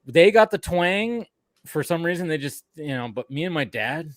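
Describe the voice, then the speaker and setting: A man from Alabama with a fairly high voice talks casually on a film stream panel. He rambles and swears freely, and the sound is close and dry, with no room echo. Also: lively intonation, normal speed. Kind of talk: casual chat.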